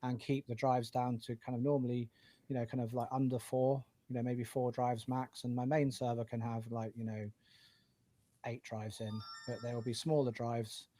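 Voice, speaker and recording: Explaining his setup on a tech podcast he co-hosts, a man from the UK rambles a bit in a chatty way, full of fillers. His British English voice is warm and mid-range, with a level tone and normal speed.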